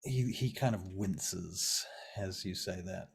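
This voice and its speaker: Male game master, low gravelly voice, lively, stammering narration. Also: slow.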